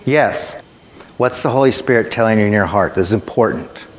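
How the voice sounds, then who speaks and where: A man's voice: on the low side, a little fast. A man preaching a sermon, telling a personal story in a conversational way and speaking directly to his listeners. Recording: long hall reverb.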